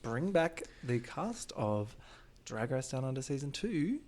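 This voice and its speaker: Very animated and a little mellow, a medium-pitched male host trades gossip with a guest while recapping a reality show. His reactions come quickly and the tone stays casual.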